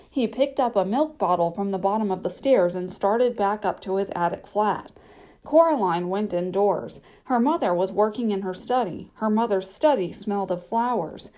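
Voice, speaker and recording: A woman reads a children's novel aloud in a measured, storytelling way. Her voice is warm and mellow, sitting at a middle pitch. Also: lively intonation. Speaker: narrator. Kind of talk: audiobook narration.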